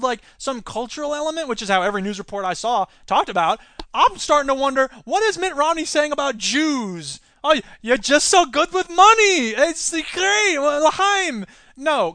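A man hosting a solo commentary podcast, his voice pitched high and ringing bright. He talks in an animated, sarcastic way, tossing in quick asides. The sound is dry and close, with no room around it. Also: no echo. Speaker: podcast host.

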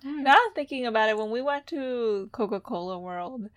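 A young woman co-hosting a casual chat, relaxed and heavy on fillers, laughing along. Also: fairly high pitch, moderate pace.

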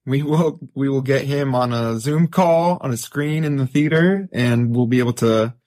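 A man's voice: medium pitch, moderate pace, darkish tone, no room sound. Dry-sounding male theater director. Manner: matter-of-fact, lists details. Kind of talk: interview guest.

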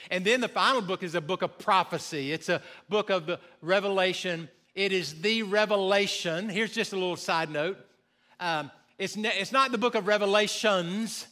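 Pastor, male, high and bright voice, lively teaching sermon with light jokes to the crowd. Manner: animated, joking with the congregation, slows down for emphasis. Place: church sanctuary before a congregation.

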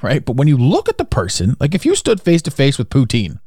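A man's voice: medium pitch, wildly swooping pitch, brisk, warm tone, breathy edge, no echo, clean studio sound. A man with a Canadian accent hosting a solo podcast, talking in a rambling, repetitive way that circles back on his points. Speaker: podcast host.

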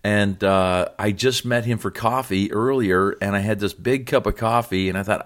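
A man's voice: fairly low pitch, fairly even intonation, moderate pace, hardly any pauses. A man, a pastor hosting a podcast, chatting casually and joking with his co-host, often laughing. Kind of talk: casual chat.

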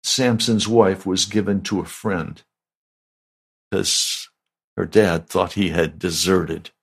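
A man's voice: deep voice, steady tone, slow pace, creaky, husky. A male pastor preaching a sermon, retelling a Bible story and rising to emphatic peaks.

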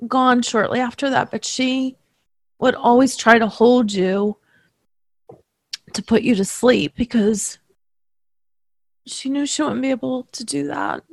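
A woman working as a medium, tenderly recounting a reading to the person she read for, emotional and halting. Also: on the high side, a little mellow, no echo, clean studio sound.

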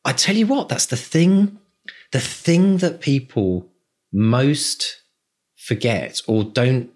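A man's voice: mid-range voice, lively intonation, slow pace, a little mellow. A man co-hosting a podcast, enthusiastic and rambling in casual chat. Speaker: podcast co-host.

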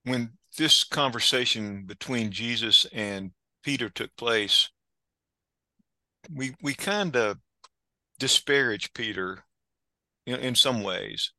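A man's voice: mid-range voice, takes it slowly, pauses often, sharp tone, dry recording, poor audio. A man co-hosting a conversational Bible study discussion, earnest and explanatory.

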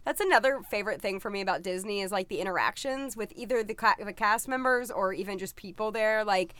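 A woman's voice: mid-range voice, fast talker, fairly bright tone, no echo. A young woman chatting casually with a friend, bubbly and full of fillers. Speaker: vlogger. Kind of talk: casual chat.

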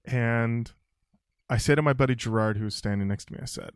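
A man hosting a podcast, telling stories in a jokey, animated way. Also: mid-range voice, brisk, smooth, no room sound, clean studio sound. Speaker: podcast host. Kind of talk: casual podcast chat and storytelling.

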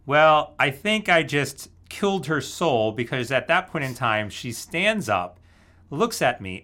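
A man with a bright voice tells a casual story, his pitch rising and falling with lively swings. He laughs often along the way. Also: a little slow. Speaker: guest telling a dating story. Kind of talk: casual anecdote.

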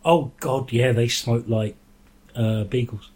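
A man's voice: mid-range voice, fairly even intonation, slow, a little mellow. A man, co-hosting a podcast and trading dry, teasing banter. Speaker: podcast co-host. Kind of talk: casual chat.

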